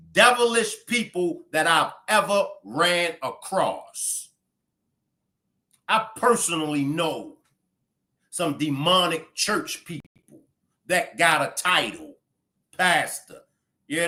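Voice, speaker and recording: A man's voice: a little high, sharp tone. A man hosting a commentary livestream, blunt and profane, scolding in heated outbursts.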